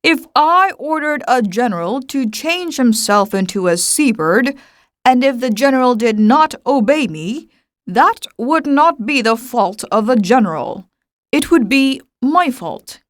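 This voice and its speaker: A woman's voice: on the high side, animated, measured pace, dry recording, clean studio sound, voice pushed up. A woman voicing a proud, pompous old king in an audiobook reading, speaking in a commanding, stately way. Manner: commanding, stately, a little flustered.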